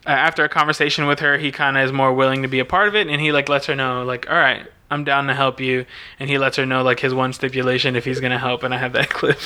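A man's voice: medium pitch, rapid-fire, hardly any pauses, a little hiss or hum. A man co-hosting a podcast, casually recapping a movie scene by scene and acting out the characters' lines. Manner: animated retelling, acting out dialogue. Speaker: podcast co-host.

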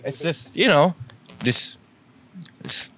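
Young man from the Middle East, slightly high voice, chatty storyteller, faint background hum. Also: slow. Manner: animated, laughing storyteller acting out both sides of conversations. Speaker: podcast host telling a story. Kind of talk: casual storytelling chat.

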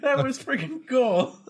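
A man co-hosting a casual game-review chat who laughs often and gets excited easily. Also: very high-pitched. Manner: giggly, excitable, quick to laugh. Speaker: co-host.

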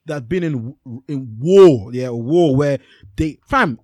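Animated man, lively pitch. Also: measured pace, dry recording, studio quality. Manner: animated, interrupting, slangy. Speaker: podcast co-host. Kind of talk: heated casual chat.

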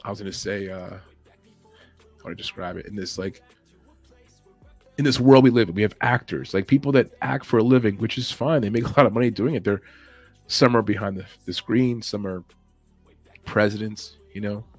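A man's voice: lowish voice, moderate pace, long pauses, slightly rough, no echo, faint music behind. A man hosting a podcast in a casual opinion chat, rambling, opinionated and chuckling as he talks. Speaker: podcast host.

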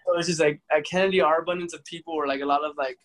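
A young man in casual chat, swearing freely and telling animated stories. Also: a little high, rapid-fire. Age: young adult. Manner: swears often, animated storytelling with laughs.

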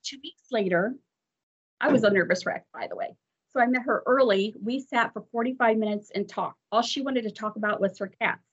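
A woman with a fairly high voice telling a long work story in a chatty, self-deprecating way, quoting what others said. She is a driving examiner. The audio is somewhat muffled. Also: brisk, husky. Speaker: drive examiner. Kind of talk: storytelling in an interview.

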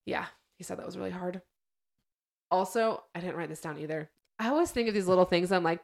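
A woman's voice: on the low side, fast talker, gravelly. A young woman hosting a podcast, chatting casually and acting out quoted lines as she retells a story. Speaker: podcast host.

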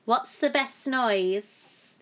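Woman, podcast co-host; higher-pitched, giggly, teasing banter. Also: extremely slow, fairly bright tone. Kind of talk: casual chat. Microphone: podcast mic with headphones.

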